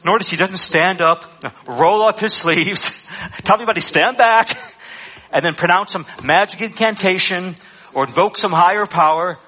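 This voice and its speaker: A man preaching a sermon to a congregation, animated and emphatic, acting out quoted lines with frequent fillers. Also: sits high, moderate pace, slight background noise.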